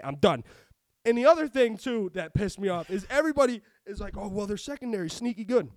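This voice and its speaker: A man's voice: high-pitched, a little fast, no room sound. A man hosting a sports betting podcast, talking casually and ranting with lots of swearing. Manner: profane, ranting, animated. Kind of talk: casual chat.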